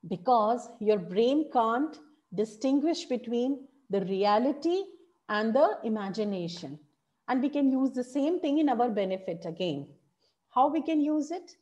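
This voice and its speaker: A woman teaching public speaking in an online workshop, animated and encouraging, asking her audience questions. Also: on the high side, a little slow.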